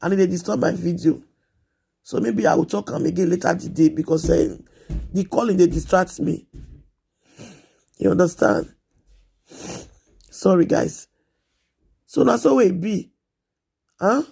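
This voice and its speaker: A Nigerian woman in her thirties talks to her live stream viewers in a casual, earnest way, coming back again and again to the same plea. Her voice is husky and mellow, with a gravelly edge that comes and goes. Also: on the low side, measured pace, long pauses. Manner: repetitive, pleading, earnest. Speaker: live streamer giving advice.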